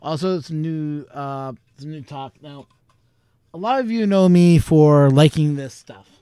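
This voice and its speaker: A man's voice: a little high, a little slow, dark tone, clear, resonant tone, no room sound. A man hosting a vlog in casual chat, rambling, chuckling and thinking aloud. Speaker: vlog host.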